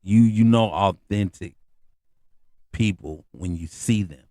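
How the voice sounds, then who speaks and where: Here a middle-aged man speaks slowly in a clean studio with no echo. Hosting his podcast, he tells comic tales in casual slang, animated and pitching upward on asides and whenever a punchline lands.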